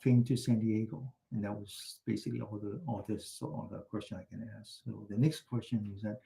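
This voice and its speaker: A man with a warm, mellow voice guides a meditation class in a gentle, instructing way. He stretches out his breathing and posture cues slowly. Between exercises he drifts into relaxed, chatty storytelling. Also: on the low side, creaky. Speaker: meditation teacher.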